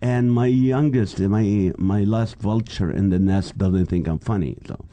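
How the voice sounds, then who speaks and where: A man's voice: on the low side, a little slow, a little hiss or hum. A man from the Middle East in his fifties, a comedian guest telling stories in a casual interview and acting out the voices of the people in them. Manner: animated storyteller, acts out quoted voices.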